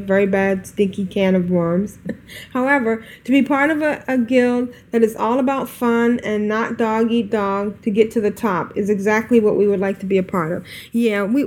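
A woman's voice: a little high, darkish tone. Giggly woman co-host reading emails. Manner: giggly, chatty, trails off into laughs. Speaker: podcast co-host. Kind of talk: casual chat, reading listener emails aloud.

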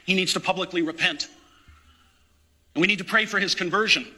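A man's voice: sits high, fairly quick, bright, forceful tone. A man, a parish priest, preaching an impassioned, indignant sermon in a church.

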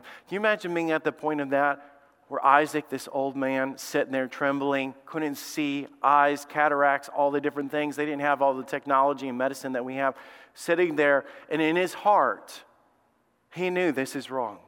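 Bright, ringing male pastor in a hall. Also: medium pitch, steady tone, normal speed, smooth. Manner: reads scripture softly, then preaches with rising intensity. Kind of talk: sermon.

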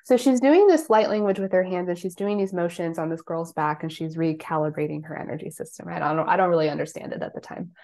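A woman in her thirties, a guest on an interview show, telling her life story in a casual, animated way, acting out quotes with lively voices. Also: on the low side, quick pace, hardly any pauses. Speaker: guest, psychic and life coach.

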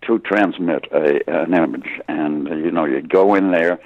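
An older man telling stories in an interview, halting with many fillers and restarts, wry in tone. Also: very deep voice, no echo, phone-quality sound. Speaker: interview guest, voice actor. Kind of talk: storytelling interview.

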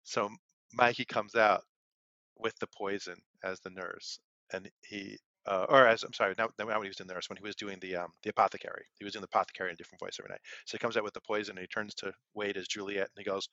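A man's voice: lowish voice, fairly even intonation, brisk, pushed and bright, no room sound. A man co-hosting a podcast who tells stories casually and rambles. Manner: rambling, with frequent fillers. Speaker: podcast co-host. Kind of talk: casual chat and storytelling. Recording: dull, lo-fi and dry.

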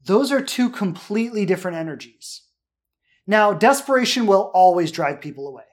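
A man with a high voice for a man talks through listener questions as a relationship coach. He is earnest and direct, and he often adds "right?" to check that the listener follows. His tone is that of a coaching show. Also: lively intonation, normal speed.

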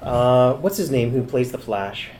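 A woman's voice: a bass voice, animated, a little slow, heavy background noise. A young Canadian woman with a Canadian accent, hosting a casual podcast chat in a playful, teasing way. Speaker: podcast host.

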